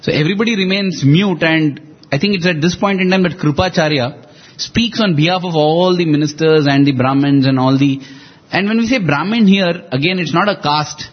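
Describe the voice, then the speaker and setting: A man's voice: on the high side, moderate pace, muffled recording. A man retelling an epic story in a podcast chat, animatedly acting out the characters' lines.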